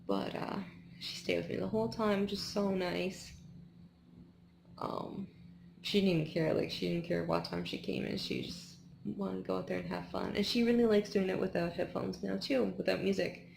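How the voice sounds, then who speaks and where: A woman's voice: medium pitch, fairly even intonation, normal speed, creaky, darkish tone, slight background noise. A woman in her twenties chatting casually in a vlog after a race, tired and rambling with lots of "like" and restarts. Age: 20s. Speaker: vlogger.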